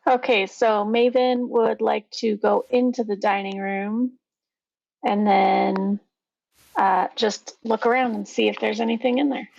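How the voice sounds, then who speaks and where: A woman playing a tabletop game over an online call, talking hesitantly and changing her mind out loud. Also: mid-range voice, fairly even intonation, unhurried, creaky, no room sound, dull audio. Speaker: player. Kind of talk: casual tabletop game play.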